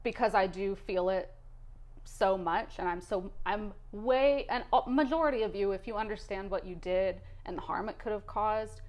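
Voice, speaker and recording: A woman in her thirties, a cath lab nurse, telling an emotional story in a candid, animated way during an interview. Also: medium pitch, moderate pace.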